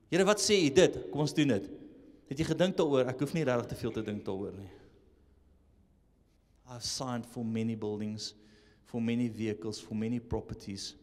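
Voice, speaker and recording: A male pastor preaching a sermon, swinging between loud urging and hushed, low asides. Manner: switches between English and Afrikaans, dramatic shifts from shouting to hushed. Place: church hall. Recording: live church hall with long reverb.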